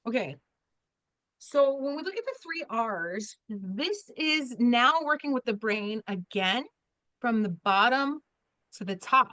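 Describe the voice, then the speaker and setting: A woman leading an online workshop over a video call from home, chatty and quick to laugh, with many restarts. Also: on the high side, animated, sharp tone, no room sound. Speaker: trainer.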